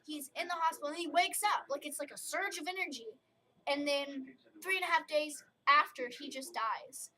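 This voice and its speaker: A woman's voice: sits high, moderate pace, pushed and bright, slight background noise, rough recording. A young woman vlogger chatting casually and gushing about a TV show, with lots of "like" in her talk. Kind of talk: casual chat answering a fan tag.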